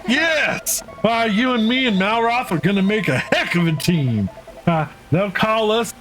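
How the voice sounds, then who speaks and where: A man voicing an eager young farmhand, stammering in his excitement. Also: high voice, a little slow, soft background music, pitched above the performer's own voice. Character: eager cheerful young farmhand, hard worker.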